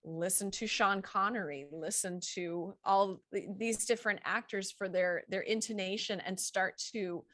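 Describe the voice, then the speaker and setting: A woman with a Midwestern American accent talks through acting advice like a coach, animated and instructive. Her voice sits in the middle range. The recording is close and dry, with no room sound. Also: medium pitch, measured pace, hardly any pauses, no room sound. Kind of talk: casual panel chat.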